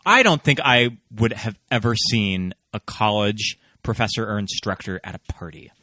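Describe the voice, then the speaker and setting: Relaxed guy dropping movie trivia on a podcast, bright voice. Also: lowish voice, normal speed, no room sound, studio quality. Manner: relaxed, trivia-minded, many mm-hmms. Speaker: podcast co-host. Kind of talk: casual movie chat.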